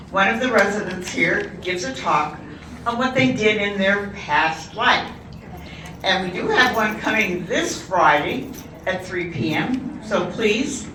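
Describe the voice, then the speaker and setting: A host at a retirement residence event, slowly announcing news for residents and introducing the next performer. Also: medium pitch. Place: community room of a retirement residence. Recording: echoey room, distant mic, background noise.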